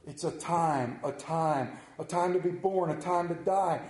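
A middle-aged male pastor delivers a sermon in a noticeably high voice. He tells stories in an animated way and asks his listeners questions. The recording carries the roomy echo of a church. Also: a little slow. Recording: echoey church room.

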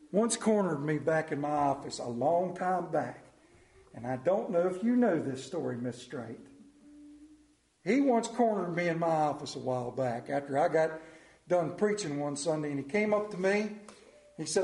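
A pastor giving a sermon, talking candidly in a folksy storytelling way, recorded in a church. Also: male voice, fairly high pitch, expressive, unhurried, a little mellow, reverberant.

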